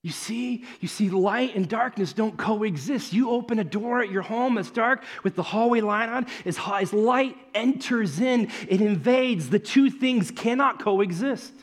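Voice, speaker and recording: Male pastor, high husky voice, lively chatty sermon delivery. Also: unhurried, few pauses. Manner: animated, conversational preaching with asides.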